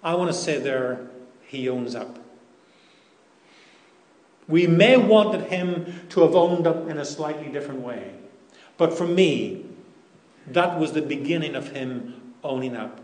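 A man preaching a sermon in a slightly high voice, unhurried and deliberate. He leans on repeated phrases, and his words ring in an echoey room. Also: lively intonation, darkish tone.

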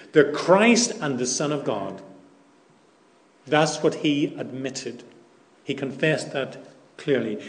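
A man preaches a sermon in a slightly high voice, taking his time and speaking deliberately. He relies on repeated phrases, and the room around him echoes.

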